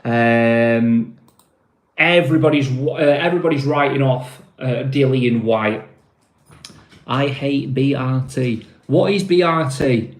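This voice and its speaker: A man's voice: mid-range voice, slow pace. Man, northern English accent, casual livestream host, chatty, phone mic, echoey room. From northern England. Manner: chatty, rambling, reads viewer names aloud. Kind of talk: casual live-stream chat reading comments.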